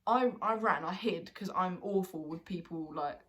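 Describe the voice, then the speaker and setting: A young woman chats casually to camera, retelling a story in an animated way. She keeps breaking into laughter and acting out quotes as she goes. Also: lowish voice, moderate pace. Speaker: vlogger host.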